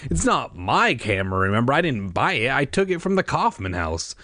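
A man's voice: mid-range voice, very animated, a little fast, sharp tone, dry recording, clean studio sound. A man voicing an earnest, nervous young boy. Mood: anxious.

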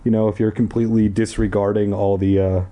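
A man's voice: on the low side, little pitch movement, brisk, mellow. A man reading a children's book aloud, breaking off for wry, profane asides. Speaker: audiobook reader.

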